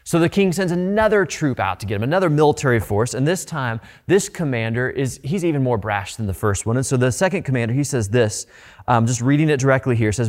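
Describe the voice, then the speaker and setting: A man's voice: mid-range voice, lively intonation, quick pace. Conversational, emphatic male pastor preaching. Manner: conversational and emphatic, with repeated phrases. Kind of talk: sermon.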